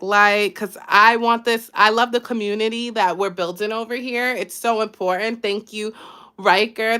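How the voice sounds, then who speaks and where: A woman at an ordinary mid pitch hosts a casual live stream as a life coach. She talks loosely and warmly to her viewers, encouraging them and thanking people by name. Her delivery is relaxed and conversational. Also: smooth. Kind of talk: casual motivational live chat.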